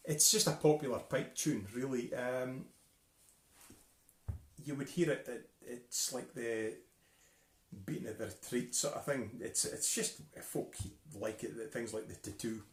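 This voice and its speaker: Scottish male fiddler, mid-pitched, loose rambling chat, echoey home stream. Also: steady tone, a little slow. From Scotland. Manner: easygoing, rambling with many fillers. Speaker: fiddler and livestream co-host. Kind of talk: casual chat between tunes. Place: living room at home. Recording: roomy home livestream audio.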